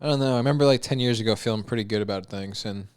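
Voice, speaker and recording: A man's voice: lowish voice, very fast, clear, resonant tone. A man in his late twenties co-hosting a podcast in casual banter, joking and self-deprecating, swearing freely. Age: late 20s. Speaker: podcast co-host.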